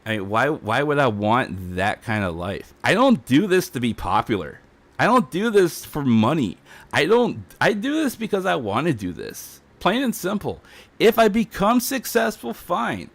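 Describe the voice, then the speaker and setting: A man's voice: a little high, sing-song, moderate pace, creaky, no room sound. A man streaming a defiant, heated rant, repeating himself as he talks. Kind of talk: ranting livestream monologue.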